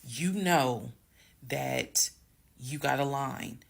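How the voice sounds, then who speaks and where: A woman telling a personal story to her viewers, emphatic and dramatic, slowing down to stress words and then rushing ahead. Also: extremely low pitch, gravelly. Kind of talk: casual storytime monologue.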